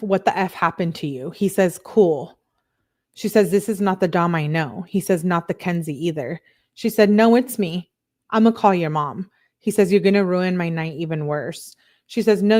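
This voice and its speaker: A woman's voice: on the low side, a little mellow, no room sound, clean studio sound. A woman hosting a true crime channel, reading a couple's text messages aloud and naming who sent each one, with her own comments in between. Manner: plain read-through, tagging each message with who said it.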